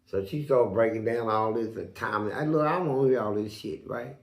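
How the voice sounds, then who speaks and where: A male interview guest spins stories in crude street slang, performing the voices of the people in them. He's animated, leaping wildly in pitch when quoting others, and talks fairly fast in a roomy-sounding space.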